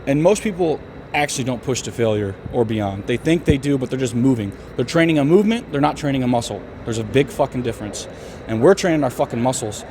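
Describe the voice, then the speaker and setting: Man bodybuilder, emphatic profane gym talk, average pitch, faint background noise. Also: animated, darkish tone. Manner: profane, emphatic, fast-talking. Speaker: bodybuilder vlogger. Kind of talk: casual gym chat.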